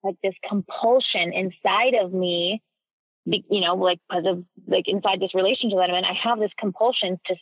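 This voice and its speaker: Husky woman on a tinny line. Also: mid-range voice, steady tone, moderate pace, dry recording. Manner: reflective, searching for words. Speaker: podcast guest. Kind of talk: personal conversation. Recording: tinny phone-like remote line.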